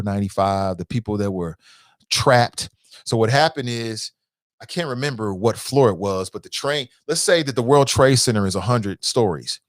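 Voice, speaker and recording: A male talk radio host in his fifties delivers a blunt, profane monologue, hammering his points home by repeating them. His pitch rises and falls with lively swings. The sound is dry and close, with no room around it. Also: no echo. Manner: blunt, profane, impassioned, repeats phrases for emphasis.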